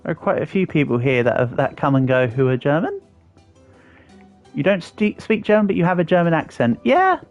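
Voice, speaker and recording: An Englishman in his thirties chats casually on a livestream, answering viewers' comments while he builds. His voice sits a little high and sounds very animated and brisk. The audio is lo-fi, with soft music in the background.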